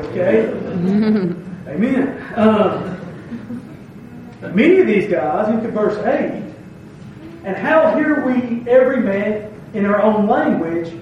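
A man's voice: sits high, darkish tone, far from the mic, highs cut off, slight background noise. A man preaching a folksy, conversational sermon to his church, reading scripture and explaining it. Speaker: pastor. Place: church sanctuary. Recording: very echoey hall, mic from afar.

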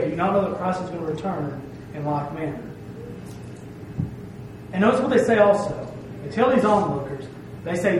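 A man's voice: high voice, a little hiss or hum. A man preaching a sermon with emphasis, stressing his phrases and asking "okay?" to check that he is followed. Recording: very echoey room, heard from a distance.

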